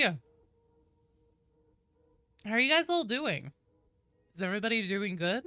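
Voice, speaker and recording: Animated streamer woman, bright and lively. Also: mid-range voice, moderate pace, long pauses, no room sound. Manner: loud excited greetings, swears freely. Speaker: game streamer. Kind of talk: casual chat with stream viewers.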